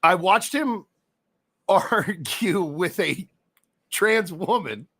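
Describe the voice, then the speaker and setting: A middle-aged man co-hosting a casual chat, telling stories in a profane, animated way. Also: high-pitched, very slow, slightly rough.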